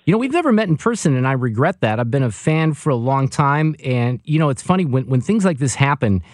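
A male radio host talks in a loose, joking way, tossing in asides as he goes. His voice sits at an average pitch, and the studio mic sounds close and dry, with no room around it. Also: big pitch swings, no echo. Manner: jokey, chatty, quick asides. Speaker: radio talk show host. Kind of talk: casual radio chat.

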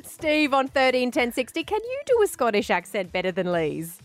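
A woman's voice: fairly high pitch, huge pitch swings, normal speed. Teasing woman radio host. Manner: teasing, upbeat. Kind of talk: breakfast radio banter.

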